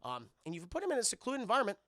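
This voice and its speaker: A man voicing a smooth-talking, threatening male crime boss in a calm, low tone. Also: racing, no echo, clean studio sound, exaggerated voice. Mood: menacing.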